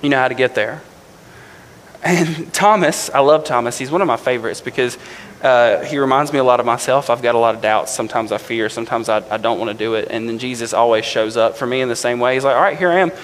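A man preaching a sermon, reading scripture slowly and deliberately, then explaining it in a casual, self-correcting way. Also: medium pitch, fairly even intonation, in a large hall, poor audio. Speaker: pastor.

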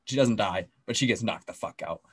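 A man co-hosting a podcast, excitedly recapping a TV episode in casual chat, swearing often and acting out the scenes. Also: on the low side, a little fast, husky, no echo. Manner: excitable, profane, acts out scenes. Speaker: podcast co-host.

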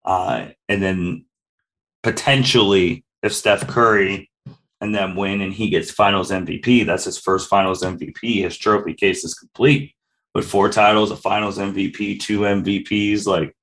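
Low-voiced man giving his sports picks. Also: steady tone, moderate pace, a bit bright, rough recording. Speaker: podcast co-host. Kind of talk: casual sports podcast chat.

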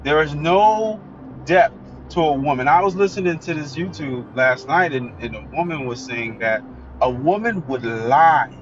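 A man's voice: fairly high pitch, a little hiss or hum. A man giving a blunt, emphatic, opinionated solo monologue as a commentator. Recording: dull lo-fi recording with faint music.

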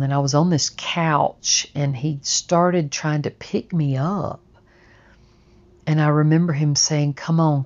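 Woman storyteller, low and unhurried, reflective drawl, slightly muffled recording. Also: a little mellow. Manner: slow, reflective, drawling recollection. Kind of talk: personal storytelling monologue.

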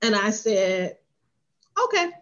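Animated woman telling her story, lo-fi. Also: medium pitch, takes it slowly. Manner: animated, acts out quoted voices. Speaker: spa owner and business coach. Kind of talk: storytelling in an interview.

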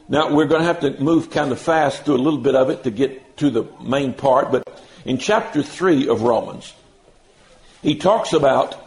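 A man preaching a sermon, stressing key words slowly and mixing in folksy everyday examples. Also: medium pitch, rough recording.

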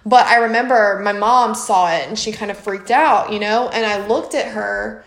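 A woman's voice: mid-range voice, normal speed. A woman from Mississippi telling a story in a casual podcast chat, laughing often and using lots of fillers. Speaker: podcast co-host. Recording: echoey room.

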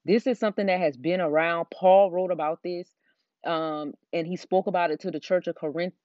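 A woman's voice: fairly low pitch, steady tone, fairly quick, a little mellow, no echo. Brief: middle-aged woman, Southern drawl, chatty podcast host, dry and slightly dull recording. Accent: Southern American. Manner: chatty, rambling, frequent fillers. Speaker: podcast host and Christian life coach. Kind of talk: casual solo podcast talk.

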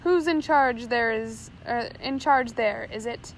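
A woman reading the lines of a rough, eager male pirate sidekick in a storybook. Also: a little high, a little slow, slight background noise, natural voice. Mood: shouting.

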